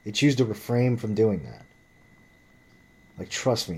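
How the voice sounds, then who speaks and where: Low-voiced man ranting bluntly. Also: animated, measured pace, a little mellow, breathy edge. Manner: profane, blunt, rambling with restarts. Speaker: vlogger. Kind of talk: ranting storytime monologue.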